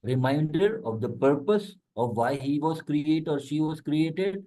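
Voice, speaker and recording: A man giving a conversational religious lecture, explaining Arabic words and quickly reciting verses between plain explanations. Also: a little high, mellow, rough recording. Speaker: Islamic lecturer.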